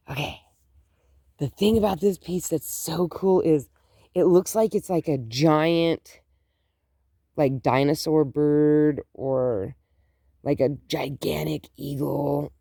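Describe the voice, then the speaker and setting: A woman's voice: low-pitched, creaky, warm tone, no echo, clean studio sound. A middle-aged woman chatting casually in her garden as she films, rambling with lots of "like". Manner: rambling, says "like" often. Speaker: gardening vlogger. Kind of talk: casual vlog chat. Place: outdoor garden.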